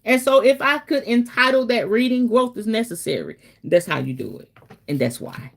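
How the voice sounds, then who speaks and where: A woman's voice: fairly high pitch, very animated, normal speed, gravelly. A woman hosting a casual spiritual talk, chatty and preachy, often calling listeners baby and checking in with okay. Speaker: spiritual reader and host.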